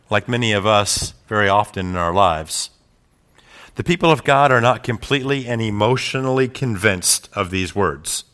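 A man preaching a sermon who swells into loud, rousing passages and then drops to quiet, reflective asides. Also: mid-range voice. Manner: builds to loud climaxes quoting speeches. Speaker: pastor.

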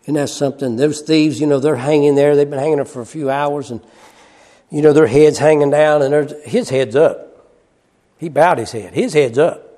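At a moderate pace, a man gives a sermon that alternates between booming high cries and hushed low asides. He keeps repeating phrases and lets out chuckles throughout.

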